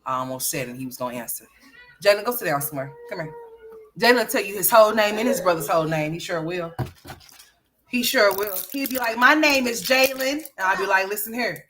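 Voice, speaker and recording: A woman's voice: medium pitch, expressive, fast, a crowd in the background. A woman hosting a casual livestream, playfully scolding and teasing her young sons. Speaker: livestream host.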